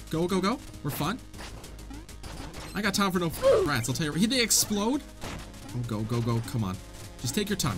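Excitable young man swearing through a boss fight. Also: high-pitched, fairly quick, soft background music. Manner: excitable, profane, jokey trash talk. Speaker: gaming video host. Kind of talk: casual gameplay commentary.

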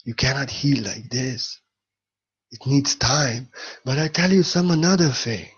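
Slow, husky-voiced spiritual vlogger. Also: male voice, medium pitch, lo-fi sound. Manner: slow, earnest, repeats phrases for emphasis. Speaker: spiritual teacher. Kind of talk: reflective spiritual vlog talk.

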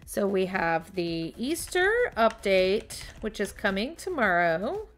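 A woman's voice: mid-range voice, sing-song, slow pace. A woman from Texas hosting a casual live stream, chatting and greeting viewers by name one after another. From Texas, USA. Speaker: channel host.

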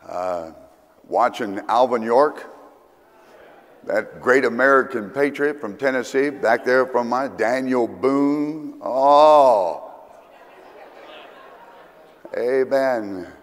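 Male pastor, Kentucky drawl, mid-pitched, folksy, rambling jokey sermon, long hall echo. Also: drawn-out words, long pauses. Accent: Kentucky Southern. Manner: rambling, humorous, fillers. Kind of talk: storytelling sermon. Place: church sanctuary. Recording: reverberant church hall.

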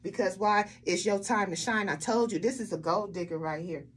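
A woman's voice: mid-range voice, moderate pace, breathy edge. A woman doing a tarot reading for her viewers, blunt and emphatic, with frequent swearing and repeated rhetorical questions. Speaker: tarot reader.

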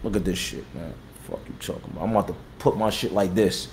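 A man in his thirties, a battle rapper hosting his own live stream. He talks blunt and profane, repeats himself and gives shout-outs to viewers, and says he is tired. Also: low voice, expressive, fast, gravelly, slight background noise. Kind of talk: casual live-stream talk.

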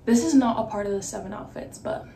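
A woman's voice: medium pitch, fast, creaky, warm tone, distant mic. A young woman vlogging her outfits in a casual, rambling way full of fillers. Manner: chatty, rambling with lots of "like" fillers. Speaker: fashion vlogger. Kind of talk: casual outfit try-on vlog. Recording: roomy, echoey room from off the mic with noise.

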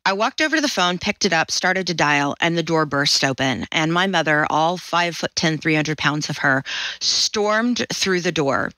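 Woman in her 40s, low voice, dry close mic, storyteller who acts out quotes. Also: expressive, moderate pace, sharp tone, dry recording, rough recording. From Washington State, USA. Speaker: podcast guest. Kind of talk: personal storytelling.

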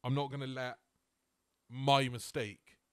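Man telling a lively story. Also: mid-range voice, a little slow, smooth, no room sound, clean studio sound. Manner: animated storyteller, acts out quotes. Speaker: podcast co-host. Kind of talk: casual chat.

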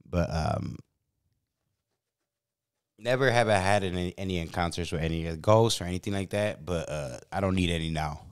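Deep-voiced man in laid-back podcast chat. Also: normal speed, long pauses, clean tone, no room sound, clean studio sound. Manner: laid-back, rambling with many fillers. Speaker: podcast host. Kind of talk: casual chat.

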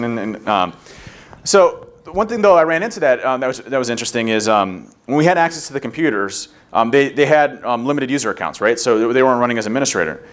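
A man giving a conference talk on security, rapidly telling animated stories and acting out the people in them. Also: mid-range voice. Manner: rapid, animated storytelling, acts out quotes. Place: conference room.

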